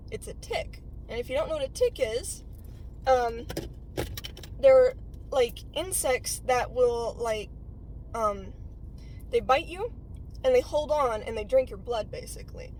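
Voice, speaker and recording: A woman's voice: high voice, unhurried, long pauses, darkish tone, slight background noise, low-quality recording. A young woman vlogger telling a childhood story in a casual, chatty way, full of fillers and "right?" check-ins.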